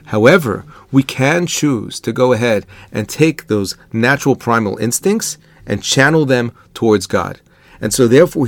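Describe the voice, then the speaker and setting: A man delivers a Torah lesson in a slightly gravelly, mid-pitched voice. He speaks earnestly and thoughtfully, moving easily between English and Hebrew terms. The recording is dry and close, with no room sound. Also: dry recording. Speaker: rabbi giving a Torah lesson. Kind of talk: Torah lecture, explanatory.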